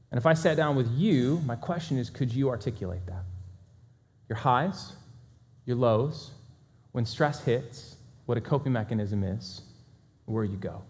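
A man giving a talk to a live audience, energetic and fast-talking, with self-deprecating humor. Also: medium pitch. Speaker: speaker.

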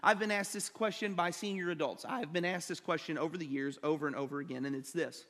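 High-pitched pastor guy preaching, acts out the story, big reverby church sound. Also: quick pace. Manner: animated storytelling, acts out voices with rising emphasis. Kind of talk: sermon. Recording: long hall reverb.

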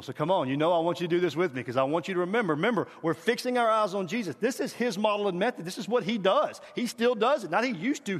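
A middle-aged man preaching a guest sermon, animated and urging the congregation to repeat after him, at times dropping to a quiet hush. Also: high voice. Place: church sanctuary. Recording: reverberant church hall.

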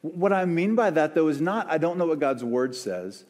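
A man preaching a sermon as the church's pastor, earnest and searching, with pauses and restarts. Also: on the high side, lively intonation, a little mellow. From American South. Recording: long hall reverb.

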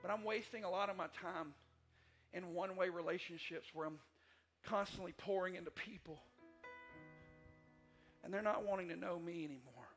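High, bright-voiced man preaching. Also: normal speed, pauses often, faint music behind. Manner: repetitive, emphatic preaching with swings between soft and loud passages. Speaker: pastor. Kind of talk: sermon. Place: church sanctuary.

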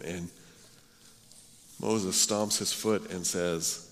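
A man's voice: deep voice, steady tone, takes it slowly, a bit bright. A male pastor preaching a sermon, earnest and emphatic, stressing key words. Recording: long reverb of a large hall.

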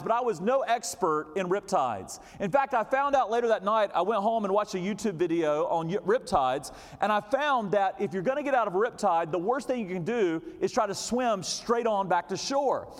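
A middle-aged preacher with a high voice tells a story from the pulpit. He swings between ringing shouts and hushed asides. His words ring out through a long hall reverb. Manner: dramatic, swings from loud shouts to low quiet asides. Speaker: pastor. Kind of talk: sermon storytelling.

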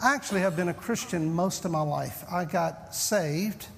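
A Southern US man in his fifties, preaching with an easygoing, self-mocking warmth of storytelling. His voice sits fairly high for a man, and a long hall reverb trails behind every phrase. He sounds like a pastor at a church pulpit. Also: moderate pace, vocal fry. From Southern United States. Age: 50s. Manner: folksy, self-deprecating storyteller. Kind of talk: humorous sermon opening.

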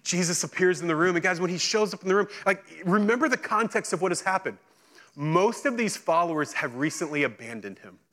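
A man preaching a sermon, reading scripture and acting out its dialogue, swinging between excited and hushed delivery. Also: sits high, a little fast. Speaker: pastor.

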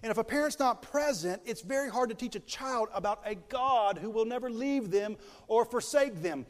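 A male pastor preaching a sermon in a lively way, putting questions to his congregation. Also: very high voice, moderate pace. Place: church sanctuary. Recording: long hall reverb from a church.

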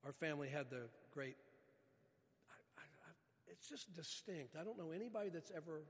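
A man's voice: on the high side, lively intonation, moderate pace, in a large hall. A man preaching a sermon as pastor, earnest, stretching key words for emphasis.

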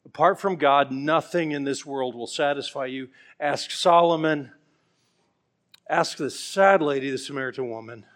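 A man's voice: a little high, moderate pace, fairly bright tone. A middle-aged man preaching a sermon, earnest and pleading, telling stories along the way. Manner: earnest and pleading, with storytelling asides.

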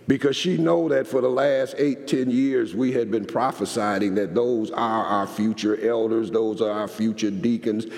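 A man who is a pastor, telling a sermon story in an animated way, with sharp pitch swings and repeated words. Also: gravelly, big-room sound.

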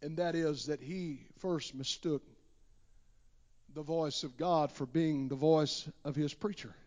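A man's voice: fairly high pitch, fairly even intonation, takes it slowly, darkish tone. A man preaching a Pentecostal sermon in a church, impassioned and driving his points home with repeated refrains. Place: church sanctuary.

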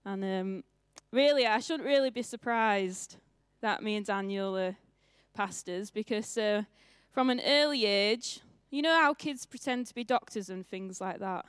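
A young woman with a northern English accent preaches in church, chatty and quick to poke fun at herself. Her voice is dry and close, with little room sound, and her pitch sits in an ordinary middle range. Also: clear, resonant tone, dry recording. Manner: chatty and self-mocking, laughing often. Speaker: pastor. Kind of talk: sermon.

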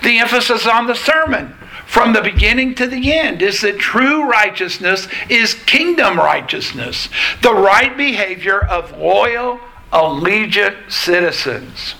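A man preaching a sermon to a congregation in a church, emphatic and deliberate, with a sarcastic edge at times. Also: sits high, lively intonation, vocal fry, bright, forceful tone, low-quality recording. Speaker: pastor. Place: church sanctuary.

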